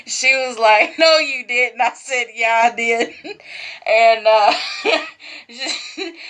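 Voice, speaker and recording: A woman's voice: mid-range voice, fairly bright tone. A woman who runs a sewing vlog, telling a story in a rambling, repetitive way and laughing throughout. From Texas. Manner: rambling, repeats herself. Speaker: sewing vlogger. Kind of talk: casual storytelling.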